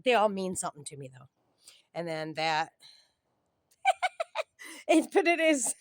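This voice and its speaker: A middle-aged woman chatting in a meandering, giggly way with many tangents, filming her home on a handheld phone. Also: low-pitched. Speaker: vlogger. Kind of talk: casual rambling home vlog. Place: at home, indoors. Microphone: handheld phone camera filming the room, face off screen.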